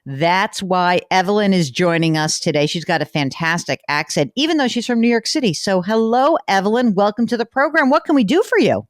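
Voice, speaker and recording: A woman hosting a money advice show, chatting briskly and teasing her co-host while she questions a caller. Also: medium pitch, lively intonation, no echo, studio quality. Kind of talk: casual radio call-in chat.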